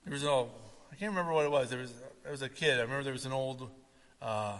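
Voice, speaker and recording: A man preaching a sermon, swinging from loud, animated retellings to quiet, earnest asides. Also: mid-range voice, fast. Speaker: pastor. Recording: long reverb of a hall.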